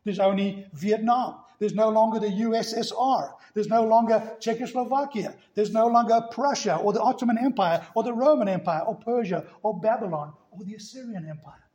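A middle-aged South African man preaches a storytelling sermon, tossing out rhetorical questions. His fairly high voice rings around a roomy church sanctuary. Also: fairly quick, few pauses, warm tone. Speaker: pastor.

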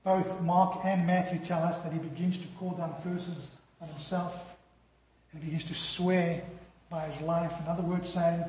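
A pastor delivering a sermon in a storytelling manner, swinging between strong emphasis and hushed drops. His voice sits fairly high. It rings with the long reverb of a large church hall. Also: normal speed, slight background noise. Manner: storytelling, animated with dramatic drops in volume.

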